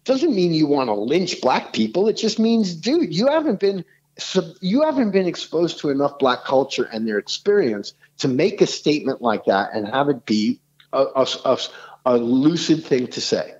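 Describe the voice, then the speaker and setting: Animated New man, lively pitch. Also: normal speed, muffled recording. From New York City. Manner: animated, rambling storyteller with frequent restarts. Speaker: rock singer, podcast guest. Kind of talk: casual podcast conversation.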